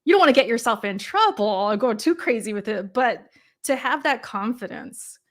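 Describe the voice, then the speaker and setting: A woman with a calm, soft-spoken delivery, chatting thoughtfully as a guest in a casual interview over a video call, laughing often. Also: fairly high pitch, moderate pace. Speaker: guest gamer and YouTuber.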